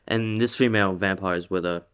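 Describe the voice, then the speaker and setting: A man's voice: low-pitched, fairly even intonation, fairly quick, a bit bright, smooth. A young man casually telling a made-up story from his room at home, rambling with lots of fillers and self-corrections. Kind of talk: casual spoken fan story.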